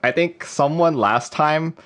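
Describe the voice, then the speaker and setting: A man's voice: a little high, measured pace, fairly bright tone. A man hosting a casual livestream, rambling and chuckling as he reads viewer messages. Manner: rambling, chuckling, reading chat aloud. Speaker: livestream host. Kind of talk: casual live-stream chat.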